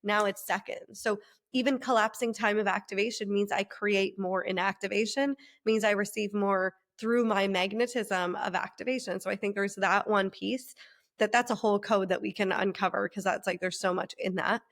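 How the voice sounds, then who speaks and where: A woman business coach talking fast and excitedly, laughing and acting out quotes with big jumps in her voice. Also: mid-range voice. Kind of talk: casual podcast chat.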